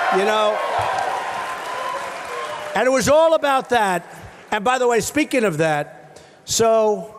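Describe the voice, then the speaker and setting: Man with a high voice at a stage mic, rambling rally stump speech, repeats short punchy lines and shouts to the room. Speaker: political candidate at a rally. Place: large rally venue with a crowd. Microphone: stage microphone.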